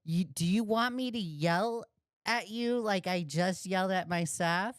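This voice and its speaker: A woman's voice: mid-range voice, a little slow, no room sound, clean studio sound. A woman giving blunt, profane, heated reaction commentary on a video she is watching. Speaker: reaction streamer.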